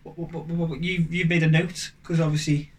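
A young English man co-hosting a comedy podcast, teasing his partner with deadpan wind-ups and stammering restarts. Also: on the high side, fairly quick. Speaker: podcast co-host. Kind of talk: casual comic banter.

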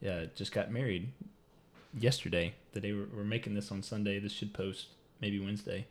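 A low-voiced man chats as a podcast guest. He is easygoing, giggles often and makes fun of himself. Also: steady tone, moderate pace. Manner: easygoing, giggly, self-deprecating. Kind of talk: casual chat.

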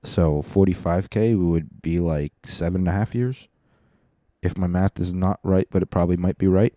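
A man's voice: low-pitched, moderate pace, dark tone, dry recording, clean studio sound. A young man hosting a podcast, rambling through a profane, self-mocking comedic monologue. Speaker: podcast host.

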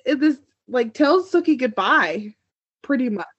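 A woman's voice: high-pitched, animated, a little slow, breathy edge, no room sound. Chatty young woman recapping a show. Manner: chatty, laughs often, many "like" fillers. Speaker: podcast co-host. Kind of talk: casual TV recap chat. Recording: dull dry lo-fi sound.

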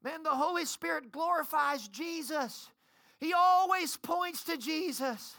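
High, bright-voiced woman preaching with fervor. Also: a little slow. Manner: impassioned and pleading, rising to shouts. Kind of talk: sermon. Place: church service.

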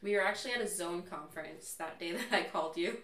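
A young adult woman with a lowish voice speaks quickly as a guest in a casual chat, telling stories candidly and acting out what people said. The recording has a roomy echo, with her voice far from the mic.

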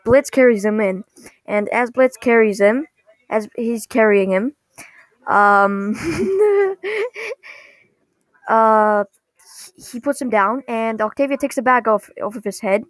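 A woman casually recapping a cartoon episode, rambling and halting, often correcting herself mid-sentence. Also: on the high side, no echo.

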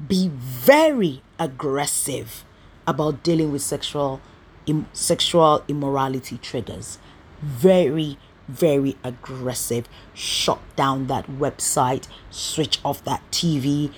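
Teaching Bible study with a deep, husky voice, a woman speaks emphatically. Rhetorical questions come often, and she punches key words in sudden bursts.

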